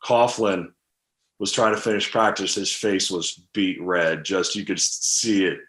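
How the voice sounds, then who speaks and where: A lowish-voiced man in his thirties spins candid stories in a casual interview, full of fillers and asides. His voice rings in a roomy, echoey space. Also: unhurried. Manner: animated, candid storytelling with fillers. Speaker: podcast guest, former NFL tight end.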